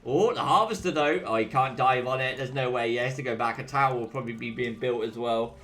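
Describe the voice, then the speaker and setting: Talking fast in a mid-range voice with a fairly bright tone, a young Englishman gives casual commentary over a strategy game replay he's streaming. He chats constantly, trading slangy banter with viewers.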